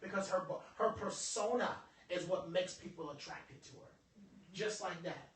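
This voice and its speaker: A young man giving an informal motivational talk to a small group, lively and joking in a preacherly way, calling on his audience. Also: sits high, measured pace. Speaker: motivational speaker. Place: indoor room with a small audience. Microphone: phone livestream from across the room. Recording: echoey room, voice from a distance.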